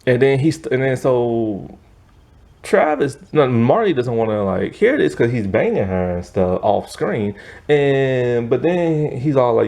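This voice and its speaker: A man's voice: medium pitch, animated, moderate pace, gravelly, a little mellow. A man recapping a TV series in a casual, rambling way, correcting himself often and acting out the characters' lines. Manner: rambling, self-correcting, acts out quotes with "he's all like". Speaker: TV series reviewer.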